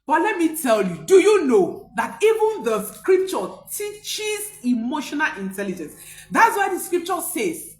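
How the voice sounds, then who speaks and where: A woman's voice: high-pitched, sing-song, unhurried. Lady parenting coach, big swooping voice, preachy repeats, echoey room w/ faint music. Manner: emphatic, preacher-like repetition, rising to near-shouts. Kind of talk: motivational talk to camera.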